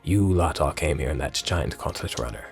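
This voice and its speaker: A man voicing a young male bird keeper in a gruff old pirate-like voice, worried and pleading as he reads game dialogue aloud. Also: rumbling low, expressive, a little fast, soft background music, voice pushed down, exaggerated voice.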